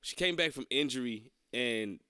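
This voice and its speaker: Male co-host with a raspy smoker's voice, blunt and profane, recorded dry and close. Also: medium pitch, animated, normal speed, bright, forceful tone, no room sound. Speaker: podcast co-host. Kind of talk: casual wrestling chat.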